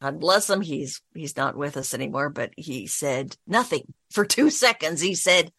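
A woman's voice: deep voice, animated, moderate pace, a bit bright, breathy edge, no echo, studio quality. A middle-aged woman, a voice actress, telling an anecdote in an interview, acting out the lines she quotes. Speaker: voice actress, guest. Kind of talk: storytelling interview.

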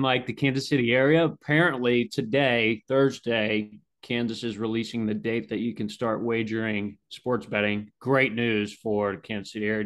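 A man co-hosting a casual sports podcast, talking in an upbeat, chatty way. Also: medium pitch. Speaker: podcast co-host.

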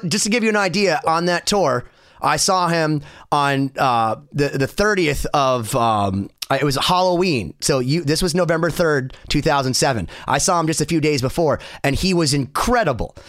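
A man co-hosting a casual chat, quick to fill in details. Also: fairly high pitch, a bit bright, dry recording, studio quality. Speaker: podcast co-host, documentary maker.

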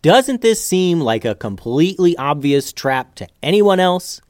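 A man's voice: fairly high pitch, big pitch swings, unhurried, no room sound, clean studio sound, voice pushed up. A man voicing a skeptical, sarcastic young female ninja in a storybook.

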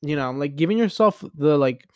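A man hosting a podcast, talking alone in a rambling, chatty and expressive way. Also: fairly high pitch, moderate pace, clean tone, no room sound, studio quality. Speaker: podcast host. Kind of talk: casual solo monologue.

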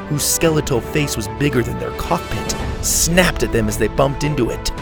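A man narrating an adventure story in a steady, descriptive reading style. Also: medium pitch, moderate pace, creaky, hardly any pauses. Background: faint music.

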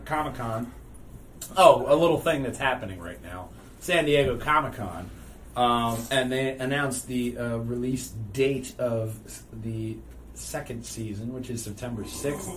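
A man hosting a casual podcast, telling stories with frequent loud laughter. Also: mid-range voice. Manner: loud laughing, animated storytelling. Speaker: podcast host. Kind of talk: casual chat. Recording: distant mic, faint noise.

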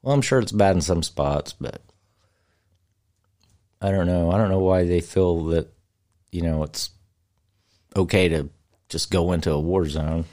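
A man with a deep, dark, mellow voice chats in an easygoing way. He agrees readily and chuckles along with the conversation. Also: a little slow, long pauses. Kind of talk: casual chat.

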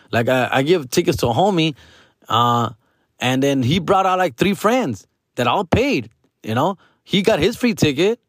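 A man's voice: medium pitch, no room sound, studio quality. A man, slangy and swearing, slipping into Spanish phrases. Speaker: comedian podcast host. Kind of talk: casual podcast monologue.

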